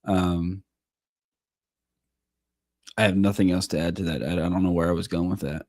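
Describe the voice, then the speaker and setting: A man with a fairly low voice co-hosts a casual sports podcast, talking bluntly and enthusiastically with the odd curse. The recording is dry, with no room sound. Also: fairly even intonation, moderate pace, a little mellow, no room sound. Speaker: podcast co-host. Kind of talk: casual chat.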